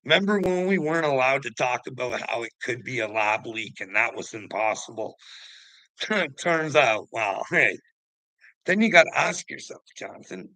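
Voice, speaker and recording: A man rants in a loose, profane ramble, his gravelly voice carrying a bright, pushed edge. The sound is dry and close, with no room around it. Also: medium pitch, no room sound, low-quality recording. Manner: profane, rambling, laughs often. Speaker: host. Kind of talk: casual ranting talk.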